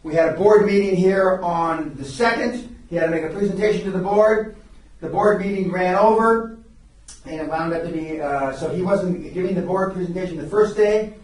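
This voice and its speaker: Recorded from a distance in a very echoey room, an older seminar speaker tells stories at a moderate pace in a high-pitched voice with a darkish tone. He's profane and blunt, often stopping to restart what he's saying.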